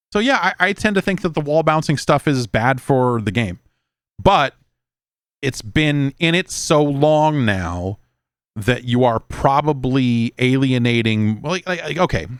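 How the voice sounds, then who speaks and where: A man's voice: medium pitch, dry recording, clean studio sound. A middle-aged man hosting a podcast, reading listener mail and rambling in casual chat, stammering and swearing as he talks. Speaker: podcast host.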